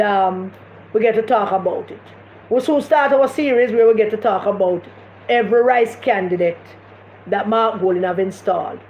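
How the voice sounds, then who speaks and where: A woman with a Jamaican accent giving impassioned political commentary on a live stream, repeating her points with emphasis. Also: mid-range voice. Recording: echoey room, dull lo-fi sound, faint noise.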